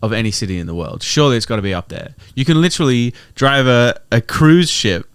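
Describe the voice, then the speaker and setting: A man co-hosts a podcast, enthusiastic and quick to joke. His voice is smooth and clear at a middle pitch. The close mic keeps it dry and free of room sound. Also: expressive, no room sound. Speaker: podcast co-host. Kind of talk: casual chat.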